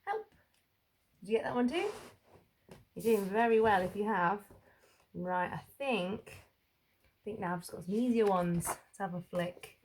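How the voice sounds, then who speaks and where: A woman teaching young children to spell, sounding out each letter slowly and carefully. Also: medium pitch, slight background noise. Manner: slow, drawn-out sounding out of letters. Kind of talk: phonics lesson for young children.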